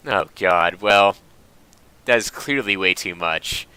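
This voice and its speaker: A man's voice: deep voice, slow pace, sharp tone, smooth, no echo. A man casually commenting on his video game playthrough, making wry, chatty asides. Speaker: let's play host.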